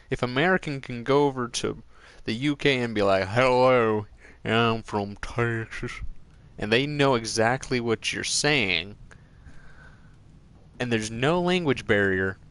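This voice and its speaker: A man with a medium-pitched, fairly bright voice hosts a gaming channel. He chats casually while playing, wandering from one joking tangent to another.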